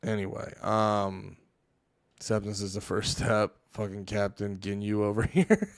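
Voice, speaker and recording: A man's voice: fairly low pitch, a little slow, creaky, no echo. A young man hosting a livestream, ranting and swearing heavily as he talks back to his chat. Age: young adult. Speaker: livestream host. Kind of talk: casual stream commentary reacting to chat.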